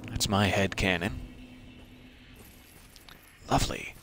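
Wry, musing low-voiced gamer. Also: male voice, fairly even intonation, slow, a little hiss or hum. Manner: musing, wry and soft-spoken. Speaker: game streamer. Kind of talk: let's play commentary.

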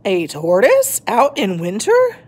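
A woman's voice: medium pitch, huge pitch swings, slow pace, darkish tone, husky, exaggerated voice. A woman voicing a smug, sneering female cat in a storybook, meowing as she mocks.

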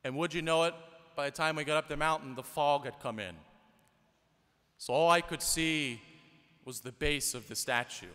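Conversational priest in an echoing church. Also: male voice, a little high, normal speed, pauses often, pushed and bright, clear, resonant tone. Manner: conversational, storytelling with rhetorical questions. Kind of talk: sermon. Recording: long church reverb.

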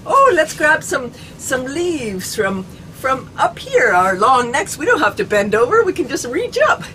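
A woman's voice: high voice, very animated, unhurried, pushed and bright. A woman from Canada leading a playful guided laughter exercise, bubbly and giggly with lots of exclamations. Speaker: laughter club leader. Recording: distant mic with noticeable background noise.

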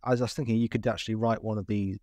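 A man's voice: on the low side, steady tone, racing, a little mellow, dry recording. A man hosting a podcast, asking loose, encouraging questions in a casual chat. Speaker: podcast host.

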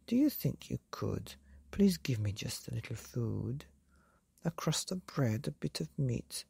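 A woman's voice: a bass voice, sing-song, a little slow, creaky, mellow, slightly rough, no echo, heavily acted. A woman voicing a starving, greedy male anteater in a bedtime story, half-whispered and pleading.

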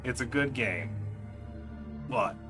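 A man's voice: medium pitch, animated, slow. A man casually commenting on a game he just finished, rambling and self-mocking, with a sarcastic streak. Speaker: gameplay commentator. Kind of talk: casual let's-play commentary. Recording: loud guitar music behind.

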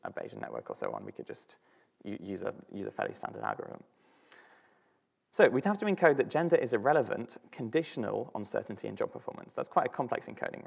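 A man's voice: lowish voice, creaky, slightly rough. A man with a British accent giving an academic talk on slides, thinking aloud with frequent fillers and restarts. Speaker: student speaker.

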